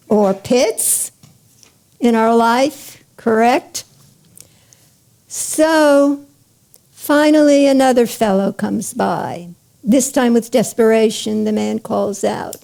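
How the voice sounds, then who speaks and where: A woman spiritual teacher telling a parable in a slow, deliberate lecture, drawing out words and checking in with her listeners. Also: a little high, fairly even intonation, creaky, dark tone. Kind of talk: storytelling lecture.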